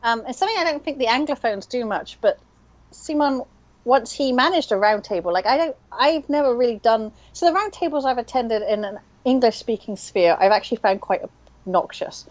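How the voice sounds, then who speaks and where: A woman's voice: on the high side, lively intonation, a little fast, dull audio. A woman co-hosting a game stream in casual chat, thinking aloud with lots of fillers. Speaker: stream co-host. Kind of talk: casual chat while playing online mahjong.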